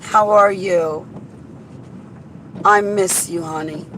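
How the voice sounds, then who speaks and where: On a highway drive, this woman vlogger rambles casually and says hello to viewers by name. Her voice is lowish, steady and slow with a bit of brightness, and the rough recording picks up road and wind noise in the car.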